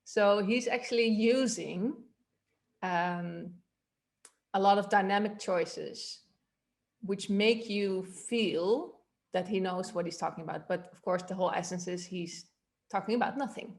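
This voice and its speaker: Female voice coach, mid pitch, casual explanatory delivery with ums and uhs. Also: unhurried. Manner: relaxed, explanatory, with fillers. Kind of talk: teaching a voice workshop.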